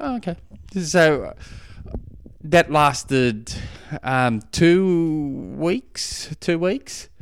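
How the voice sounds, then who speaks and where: A man's voice: fairly low pitch, clear, resonant tone, dry recording, clean studio sound. A man hosting a podcast, telling a long personal story in a rambling, self-deprecating way with many restarts. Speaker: podcast host. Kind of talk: casual spoken monologue.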